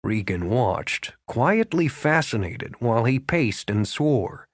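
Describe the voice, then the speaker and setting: A male narrator reading a romance novel, with expressive storytelling. His voice is animated, with plenty of pitch movement. The sound is close and dry, with no room around it. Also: slow pace, no echo. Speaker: audiobook narrator. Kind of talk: scripted narration.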